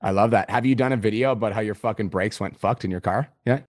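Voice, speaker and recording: A man coaching a client on a group video call, swearing constantly in a pumped-up motivational manner with sudden loud outbursts. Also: fairly low pitch, fast talker, no echo, clean studio sound. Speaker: business coach.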